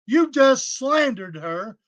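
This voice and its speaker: A man with a high voice gives slow, deliberate livestream commentary. His tone is scornful and mocking as he picks apart someone else's words. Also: very animated, a bit bright.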